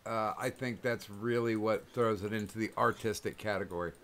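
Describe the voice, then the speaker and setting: A man's voice: fairly low pitch, steady tone, normal speed, a bit bright. A man hosting a podcast in casual chat, rambling and joking with many fillers. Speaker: podcast host. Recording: noisy recording.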